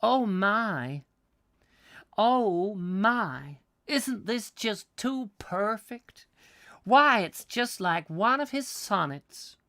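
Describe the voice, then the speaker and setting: A man's voice: high voice, animated, very slow, bright, forceful tone, pitched above the performer's own voice, full character voice. A man putting on the voice of an overeager male American tourist who gushes and drawls, calling his wife honey. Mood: delighted.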